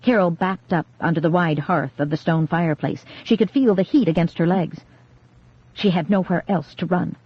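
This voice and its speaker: An audiobook narrator giving steady, measured scripted horror narration. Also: medium pitch, husky. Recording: dull lo-fi dry recording.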